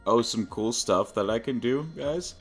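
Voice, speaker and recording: A young man chatting casually while streaming a game, rambling and often breaking into high-pitched laughter. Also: unhurried, slightly rough, faint music behind. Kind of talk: casual livestream gaming chat.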